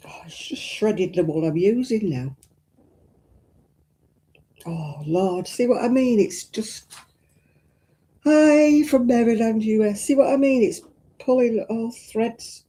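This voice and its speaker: A woman's voice: on the high side, a little slow, mellow. A woman, hosting a casual crafting live stream and chatting to viewers, fussing and exclaiming as she talks. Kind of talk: casual live-stream chat while crocheting.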